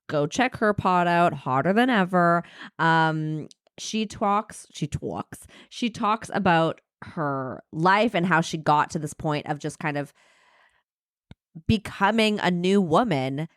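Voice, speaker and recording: A bubbly woman co-hosting a podcast, her pitch bouncing all over as she chats and laughs. She is recorded close and dry, with no room sound. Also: takes it slowly, clean tone, no room sound. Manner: bubbly, laughs often, lively delivery. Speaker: podcast co-host. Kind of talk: casual podcast chat.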